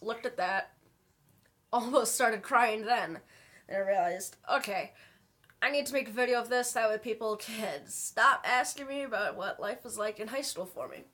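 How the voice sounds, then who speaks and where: A young woman talking to her camera in her bedroom, telling an emotional story slowly and haltingly while fighting back tears. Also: on the high side, sharp tone. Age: young adult. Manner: halting, slow, many pauses and fillers. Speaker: vlogger.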